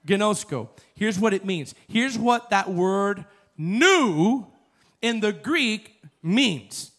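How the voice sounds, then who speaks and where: High-voiced preaching man. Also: animated, drawn-out words. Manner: conversational, builds to fervent shouting. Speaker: pastor. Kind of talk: sermon.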